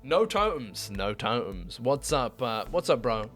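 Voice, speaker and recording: A young British man chatting casually with viewers during a live game stream, laughing often and jumping to high-pitched disbelief. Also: sing-song, measured pace, music in the background. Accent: British English. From United Kingdom. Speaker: livestreamer.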